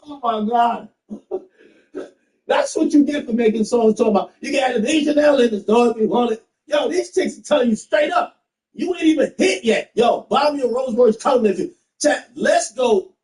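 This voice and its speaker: A man streaming from home, chatting casually to his viewers as he plays. His voice sits high and swings all over the place while he laughs and reads messages aloud. The room around him sounds echoey. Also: a little fast. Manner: animated, laughing, reading messages aloud to chat.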